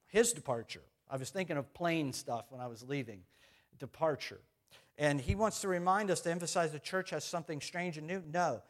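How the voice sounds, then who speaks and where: A middle-aged man preaching a conversational sermon as pastor, repeating phrases and putting questions to the congregation. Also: on the high side.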